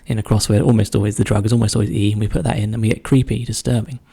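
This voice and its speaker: Male solver, dark husky voice, musing aloud and whispering clues to himself as he works. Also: fairly low pitch, level tone. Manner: muses slowly, often muttering clues under his breath. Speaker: crossword solver. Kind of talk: thinking aloud while solving a puzzle.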